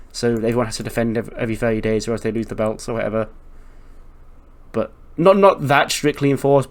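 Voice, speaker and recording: Man, let's-play host, casual game commentary, profane and joking, middle pitch.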